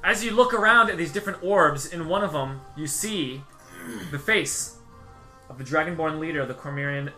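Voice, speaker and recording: A man narrating as the game master of a tabletop game, with halting delivery and fillers. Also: a little high, expressive, sharp tone, soft background music, rough recording. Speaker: dungeon master.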